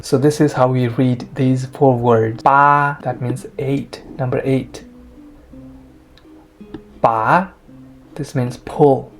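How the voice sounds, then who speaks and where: A language teacher giving a lesson summary, sounding out each tone slowly and carefully. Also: mid-range voice, a little mellow.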